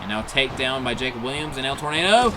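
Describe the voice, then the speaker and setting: A man calling wrestling matches play-by-play, excitable, packed with exclaimed "oh"s and chuckles at the big moments. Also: medium pitch, fast, background noise. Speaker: play-by-play commentator.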